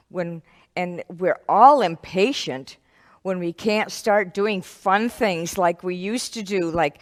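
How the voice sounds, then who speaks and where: A woman teaching a children's ministry lesson, telling a Bible story to kids in an animated, expressive way. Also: mid-range voice. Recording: echoey hall.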